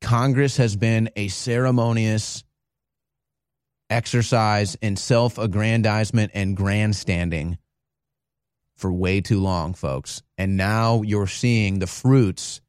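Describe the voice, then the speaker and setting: A man's voice: on the low side, fairly even intonation, slow, a little mellow, smooth, dry recording. Ranting male talk-show host, dry sound. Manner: emphatic, ranting. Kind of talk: live political commentary.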